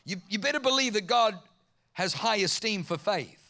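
Lively high-voiced male pastor preaching. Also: moderate pace. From Germany. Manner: animated storytelling, acting out quoted voices. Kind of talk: sermon.

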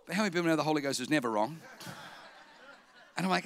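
A man preaching a sermon as a pastor, telling humorous stories with lively energy and now and then breaking into shouts. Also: on the high side, very fast. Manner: animated humorous storytelling, bursts into shouting.

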